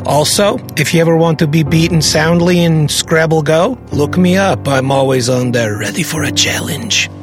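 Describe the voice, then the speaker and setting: A man co-hosting a podcast in casual chat, giggly and animated, laughing often. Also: a little high, normal speed, few pauses, over music. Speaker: podcast co-host.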